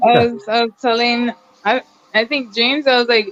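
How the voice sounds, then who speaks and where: A woman's voice: fairly high pitch, steady tone, moderate pace, fairly bright tone, highs cut off. A woman hosting a casual chat on a video call, asking questions. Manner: chatty, asks questions. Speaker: host.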